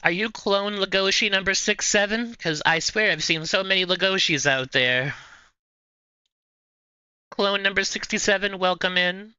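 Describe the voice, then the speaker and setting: A man's voice: high voice, normal speed, bright, forceful tone, clear, resonant tone, dry recording, dull audio. A man hosting a livestream, casually chatting with viewers in a playful, rambling way. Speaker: livestream host. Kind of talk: casual chat answering viewers.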